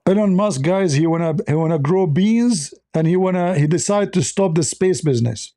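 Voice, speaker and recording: Male show host, blunt and mocking, talks in broken English; somewhat high but dark-toned voice. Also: lively intonation, moderate pace. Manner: sarcastic, blunt, broken grammar. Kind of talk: mocking live commentary.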